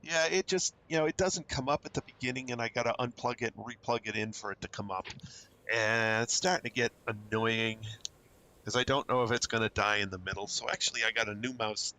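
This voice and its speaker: A man's voice: medium pitch, steady tone, fairly quick, bright, forceful tone. A man with an American accent streaming a game on a headset mic, chatting casually and thinking aloud with plenty of ums. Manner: thinks aloud with many fillers. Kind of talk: casual gameplay chat.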